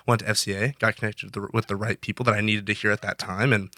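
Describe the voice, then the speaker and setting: Twenties male interview guest, bright and brisk delivery, earnest and rambling. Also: on the low side, little pitch movement, no room sound, clean studio sound. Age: 20s. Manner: earnest, rambling with many restarts. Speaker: guest, college wrestler. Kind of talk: casual interview talk.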